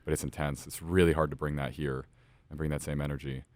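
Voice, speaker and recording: A man's voice: a bass voice, flat delivery, fast, no echo. A male podcast host chatting casually in an interview, enthusiastic and talkative. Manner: chatty, enthusiastic, talks at length.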